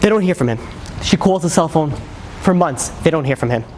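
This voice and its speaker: A man, a rabbi, telling a sermon story in a lively, conversational way, acting out the lines of the people in it. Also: a little high, brisk, slight background noise. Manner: animated, conversational, frequent fillers and acted quotes.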